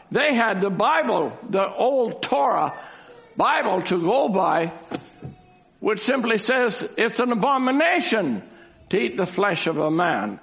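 A man's voice: very high voice, pushed and bright. A man preaching a sermon, asking rhetorical questions and repeating key lines for emphasis. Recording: dull lo-fi recording.

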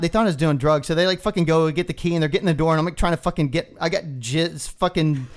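Foul-mouthed man telling stories, higher voice. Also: fairly even intonation, quick pace, few pauses. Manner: profane, swears constantly while storytelling. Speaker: podcast co-host. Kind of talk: casual crude banter.

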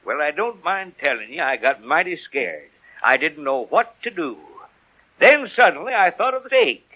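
A long-winded family father in his fifties from a 1940s radio play. He tells his story in folksy, easy turns. His voice is bright and lively. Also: fairly high pitch, normal speed, breathy edge, heavily acted, poor audio. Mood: storytelling. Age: 50s.

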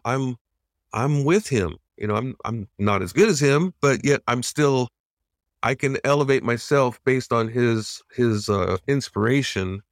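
A mid-range voice, captured at studio quality with no echo, belongs to a middle-aged man who has long worked as an animator. He recounts stories in a casual interview with an earnest, reflective manner, many restarts, and acted-out quotes.

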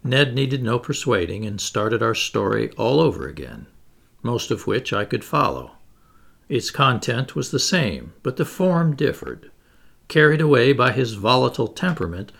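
A man reading an audiobook in an expressive, measured storytelling voice. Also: mid-range voice, creaky. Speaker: audiobook narrator. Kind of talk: scripted audiobook narration.

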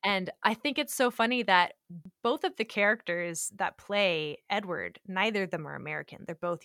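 A woman from Washington state chats about a film she loves, eager and quick to laugh. Her pitch is in the middle for a woman. The sound is close and dry with no room around it. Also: a bit bright, clear, resonant tone, dry recording. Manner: chatty and enthusiastic, laughs often. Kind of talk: casual chat.

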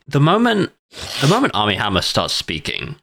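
A man's voice: mid-range voice, wildly swooping pitch, moderate pace, creaky, a bit bright. A man co-hosting a casual film discussion podcast, making short, dry, wry remarks. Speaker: podcast co-host.

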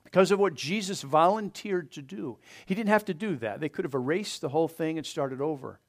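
A man pastor preaching a sermon, earnest, pressing his points hard and then letting them fall soft. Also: on the high side, expressive, brisk. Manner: earnest preaching with rising emphasis and soft drop-offs; asks the congregation to open their Bibles.

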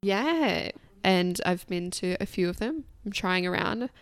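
A woman's voice: mid-range voice, animated, unhurried, smooth. A young woman in her twenties, a nurse chatting frankly on a podcast, laughing often and swearing casually. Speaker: registered nurse guest.

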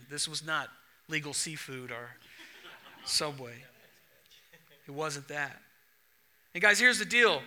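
A young adult male pastor preaching a sermon to his church, telling stories with lively acted-out dialogue. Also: high-pitched. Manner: animated storytelling, acts out dialogue.

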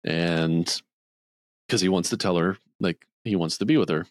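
A man's voice: unhurried, no echo, clean studio sound. A man co-hosting a podcast, rambling through a movie plot in casual chat and acting out the characters' lines. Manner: rambling, acts out characters' lines in higher voices. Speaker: podcast co-host.

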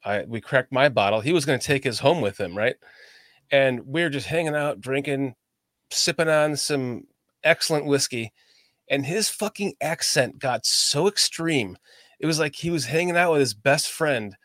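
A man with a Chicago accent hosts a loose podcast chat, spinning stories in a profane, animated way with frequent laughter. His voice sits at an ordinary middle pitch. The sound is dry and close, with little room echo. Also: moderate pace. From Chicago area. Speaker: podcast host. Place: lives in the American South.

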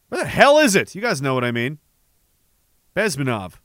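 Heated, profane man ranting, bright voice. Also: a little high, huge pitch swings, normal speed, pauses often, no echo, clean studio sound. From Canada. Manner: profane, heated, rambling with frequent restarts. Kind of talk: ranting casual monologue.

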